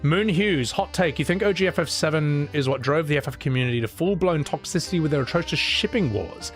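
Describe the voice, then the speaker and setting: A man's voice: fairly high pitch, lively intonation, fairly quick, soft background music. A young man chatting casually on a live stream, rambling, swearing and laughing often.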